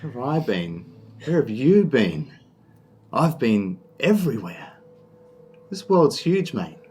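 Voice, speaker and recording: A man voicing a burly, brash father figure who shouts, swears and calls people mate. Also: medium pitch, big pitch swings, slow, faint music behind, voice pushed up. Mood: gruff, rowdy. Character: gruff burly middle-aged male warrior dad, brash.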